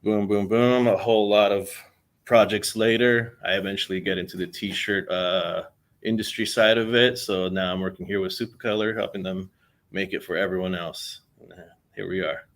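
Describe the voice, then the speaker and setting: A young man talking casually as a podcast guest, relaxed and rambling with many fillers. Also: low voice, moderate pace. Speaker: podcast guest, content creator. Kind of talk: casual interview talk.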